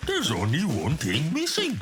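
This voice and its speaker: A woman voicing a cheerful, loyal pet dog in a children's cartoon, talking in a gentle sing-song way. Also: low-pitched, wildly swooping pitch, measured pace, exaggerated voice. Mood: amused. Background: music.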